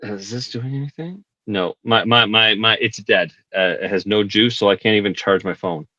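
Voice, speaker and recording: Canadian dude rambling on a stream, dry close sound. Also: male voice, fairly low pitch, moderate pace, pushed and bright, no echo, muffled recording. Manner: rambling, joking, with fillers. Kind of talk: casual livestream chat.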